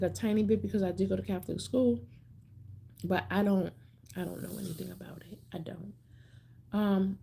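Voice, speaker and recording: A woman hosts a casual livestream, playfully chatting with viewers, reading their comments aloud, and often repeating herself for emphasis. Her voice is medium-pitched, dark, and husky.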